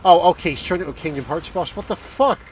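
A man's voice: a little high, quick pace, a little hiss or hum. A man bantering casually while streaming a game, joking crudely, swearing a lot and breaking into bits of song. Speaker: streamer and co-host. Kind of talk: casual, profane gaming banter.

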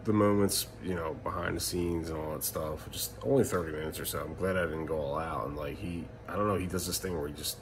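Talking straight to the camera at home at night, a father in his thirties vlogs casually and emotionally, swearing and dropping fillers along the way. His low voice stays steady while he speaks quickly, barely pausing. There's a little hiss or hum from the camera mic.

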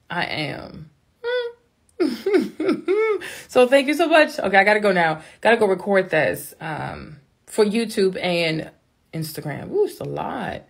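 Speaking into her phone during a live stream, a woman who runs a makeup line chats informally with followers, bubbly and excitable, with the odd jump into high-pitched squeals.

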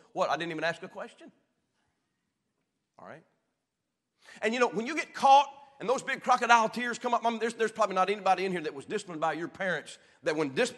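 A man with a Southern American accent preaching a sermon as pastor, swinging from shouted peaks down to low, quiet lines. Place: church sanctuary. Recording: echoey church hall.

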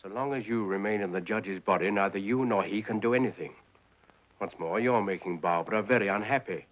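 An actor playing a proud, scheming Devil who talks in florid, grandiloquent phrases, in 1940s film style. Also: male voice, fairly low pitch, brisk, close to an everyday voice. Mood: scolding. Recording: muffled 1940s film soundtrack.

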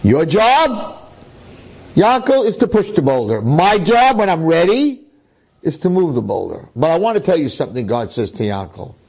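A middle-aged rabbi telling a story in a dramatic, animated way, acting out its characters. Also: male voice, a little high, normal speed, breathy edge. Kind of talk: storytelling lecture.

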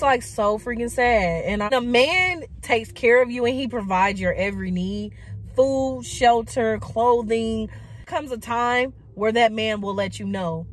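A woman's voice: a little high, unhurried. A woman vlogger telling a personal story in a casual, chatty way, full of likes and quoted asides.

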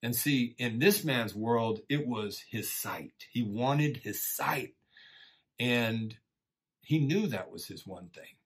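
A middle-aged man teaching a church lesson in a relaxed, folksy way, encouraging listeners and often saying "man" and "you know.". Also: medium pitch, slow, breathy edge. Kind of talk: casual conversational sermon.

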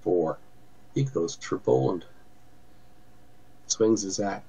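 A man with a fairly low voice runs a tabletop game as its game master. He narrates in an easygoing way and works out the rules out loud as he goes. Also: animated, takes it slowly, vocal fry, pauses often, husky, poor audio. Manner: easygoing, thinks aloud while narrating.

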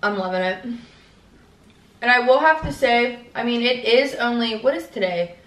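A woman's voice: a little high, expressive, normal speed, a bit bright, echoey room, recorded from a distance. A young woman talking casually to the camera in a vlog, rambling and swearing as she chats about her day. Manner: rambling, swears casually, fillers and self-talk. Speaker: vlogger.

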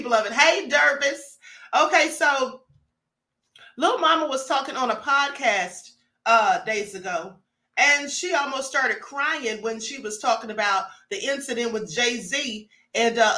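A woman hosting a chatty livestream, with a high voice and a bright, forceful tone. She greets her viewers by name as she talks, and the sound rings in an echoey room. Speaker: livestream host. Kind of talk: casual livestream commentary.

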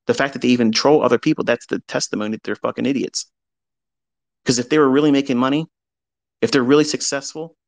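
With a mid-range voice and no echo, a middle-aged trading mentor delivers a frank motivational talk. He's blunt and swears, alternating strong emphasis with confessional moments.

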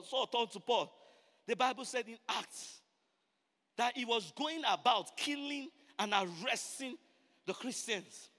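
A man preaching a sermon, building from quiet explanation to shouted, repeated refrains. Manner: builds from low talk to shouted climaxes, repeats phrases. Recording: long hall reverb.

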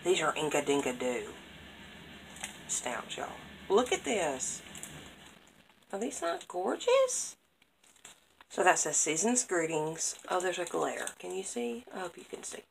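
A woman talks slowly in a low, gravelly voice, gushing over each craft item she unwraps. Crinkling packaging and clicks sound clearly behind her. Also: expressive, slight background noise, poor audio. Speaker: craft vlogger opening mail. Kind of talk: casual unboxing chat.

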